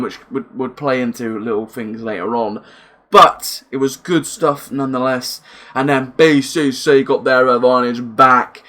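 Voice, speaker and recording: With a mid-range voice, a young man reviews a wrestling event in a rambling, worked-up, casual way. He repeats himself a lot and doesn't hold back on the swearing.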